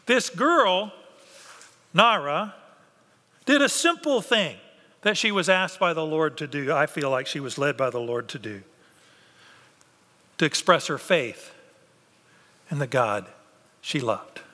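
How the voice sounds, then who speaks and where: Pastor, male, bright and high-voiced, animated sermon delivery in a reverberant sanctuary. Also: takes it slowly, pauses often. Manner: animated, acts out biblical characters' voices. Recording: long hall reverb.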